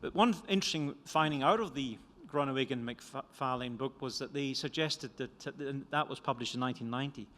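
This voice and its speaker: Brisk and hardly pausing, an older man with a Scottish accent speaks in a medium-pitched, slightly bright voice. This economist from Scotland presents his book at a conference, rambling, self-deprecating, and frequently restarting, heard in lecture hall reverb.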